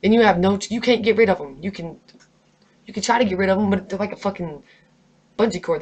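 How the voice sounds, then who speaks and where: A woman rants to her camera in a heated, emphatic voice, swearing constantly as she vents her stress. Her pitch sits in a middle range, neither high nor low, and she leans hard on her words. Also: fast, long pauses, breathy edge. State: angry, stressed. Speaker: vlogger. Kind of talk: unscripted rant to camera.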